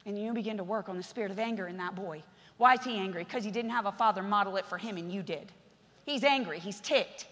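A woman preacher delivering an impassioned sermon in a church, swinging between hushed asides and shouted exhortation. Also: mid-range voice, quick pace, big-room sound.

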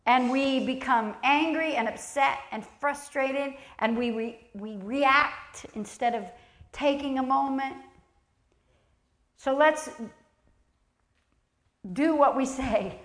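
A woman preaching a sermon in a church, emphatic and lively, acting out the voices of the people she quotes. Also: high voice, slow, long pauses. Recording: echoey church hall.

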